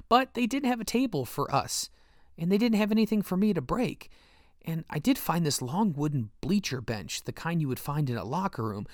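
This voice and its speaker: A man's voice: mid-range voice, dry recording. Man narrating a memoir, dry close sound. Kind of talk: first-person memoir narration.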